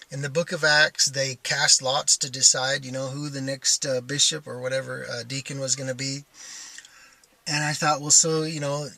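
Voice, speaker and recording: A man with a bright, forceful voice pitched a touch high tells a personal vlog story in a meandering way. He thinks aloud and keeps stopping and starting over. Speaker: vlogger.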